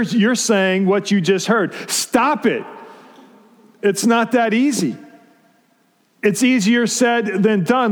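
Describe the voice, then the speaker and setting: A man's voice: high-pitched, in a large hall. A male pastor preaching a conversational sermon to his congregation, often restarting his phrases. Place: church sanctuary.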